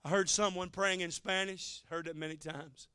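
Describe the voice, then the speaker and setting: Guy preaching a sermon, folksy and emotional, kinda high voice, dry close sound. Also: steady tone, normal speed, pushed and bright, smooth, no room sound. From United States. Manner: folksy, emotional storytelling with joking asides.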